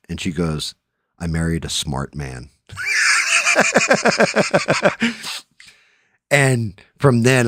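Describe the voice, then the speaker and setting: Profane storytelling man, low voice. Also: dry recording. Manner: profane, storytelling, animated when riled up. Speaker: podcast host. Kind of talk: casual chat.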